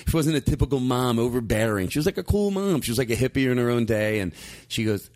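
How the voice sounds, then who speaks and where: A man hosting a podcast, telling stories in a rambling, animated way with lots of restarts. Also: medium pitch, fast talker. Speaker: podcast host. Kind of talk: casual storytelling chat.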